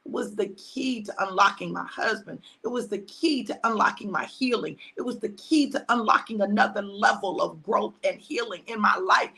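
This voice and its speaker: A woman pastor, preaching conversationally on a livestream, repeating phrases for emphasis and dropping to hushed tones. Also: mid-range voice, normal speed, gravelly, hardly any pauses.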